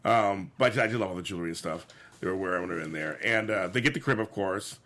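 A man's voice: low-pitched, fast, a bit bright. A man in a casual chat recapping a sitcom episode, rambling with many restarts and fillers. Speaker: podcast co-host.

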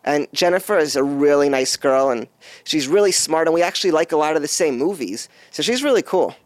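Chatty young-sounding actor, dry sound. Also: male voice, fairly high pitch, animated, brisk, no room sound. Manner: eager, chatty, rambling. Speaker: actor guest. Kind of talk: casual interview answers.

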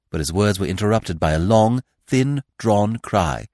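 A man narrating a classic mystery novel as a podcast reader, in a measured, expressive storytelling manner. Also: fairly low pitch, no room sound, studio quality. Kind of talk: audiobook reading of a classic mystery.

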